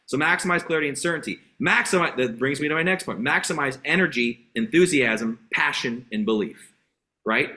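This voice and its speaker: Hyped, bright-voiced male sales coach. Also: mid-range voice, a little fast. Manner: energetic, hyped, repetitive exhortations. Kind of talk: motivational sales training talk. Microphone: video call.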